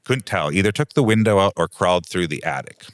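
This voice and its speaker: A property manager with an extremely deep, low voice tells a long tale from his job as a guest, rambling casually and peppering it with "um" and "like." His intonation is lively, his pace a little fast, and the sound is clean, dry and close with no room echo.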